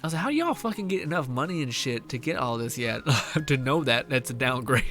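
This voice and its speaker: A man's voice: mid-range voice, lively intonation, fairly quick, a bit bright, soft background music. A male streamer chatting casually and reading viewer messages aloud, tired and mentally drained, laughing often and swearing.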